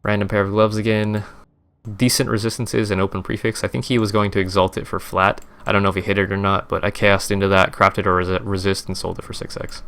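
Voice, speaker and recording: A man's voice: fairly low pitch, level tone, fast talker, fairly bright tone, a little hiss or hum. Rambling, cursing young man recapping. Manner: rambling, profane, self-correcting, laughs at himself. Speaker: streamer recapping his game trades. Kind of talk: casual recap commentary.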